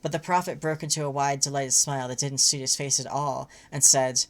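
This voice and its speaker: With an extremely low voice and a fairly quick pace, a woman co-hosting a livestream reads a fanfic aloud with lively narration. Afterward she chats casually, rambling with lots of fillers.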